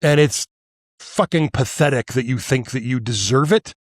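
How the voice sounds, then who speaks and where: A man's voice: mid-range voice, moderate pace, dry recording, clean studio sound. A male podcast host delivering a heated, profane political monologue, worked up and angry, stammering and restarting as he goes.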